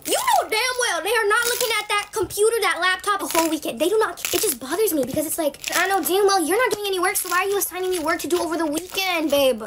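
A woman's voice: very high-pitched, quick pace, hardly any pauses, background noise. A woman ranting in a casual storytime, exasperated and complaining.

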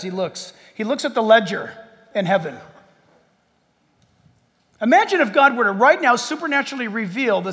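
Man preaching, high voice, lively swings, big church reverb, jokey, animated. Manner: animated, jokey, mimics people in quotes. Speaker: pastor. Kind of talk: sermon. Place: large church sanctuary.

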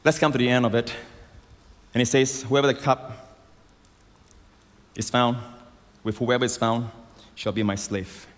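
A man preaching a sermon as a pastor, emphatic and rising to loud exclamations, on a stage microphone in a large church. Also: mid-range voice, a little slow, pauses often. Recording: long hall reverb.

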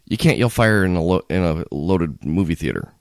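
A low-pitched man talks through a casual podcast chat, his pitch leaping up and down as he rambles and restarts. The recording is dry and close. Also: normal speed, gravelly, no echo. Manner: rambling, restarts often, animated. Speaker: podcast co-host.

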